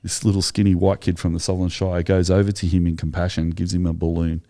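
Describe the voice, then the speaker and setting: A man's voice: sits low, flat delivery, fast, warm tone. A middle-aged Australian man, a tired pastor telling a story on a podcast in an earnest, emotional way.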